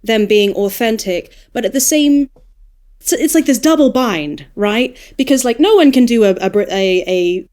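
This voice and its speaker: An Australian woman, a podcast guest, talking in a casual, animated, thoughtful way and laughing now and then. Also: a little high, normal speed. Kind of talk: casual panel discussion.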